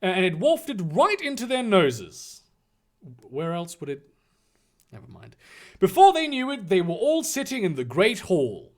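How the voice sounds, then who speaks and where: A man's voice: high voice, huge pitch swings, measured pace. A man reading a story aloud for laughs, breaking off with sarcastic, swearing asides. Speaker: YouTube reader. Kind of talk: comedic reading with commentary.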